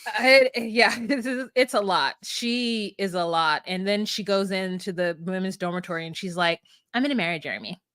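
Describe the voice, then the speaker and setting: Animated woman telling a story, dry sound. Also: medium pitch, normal speed, few pauses, clear, resonant tone, no room sound. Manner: animated storyteller, laughs often. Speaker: podcast co-host. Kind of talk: casual recap chat.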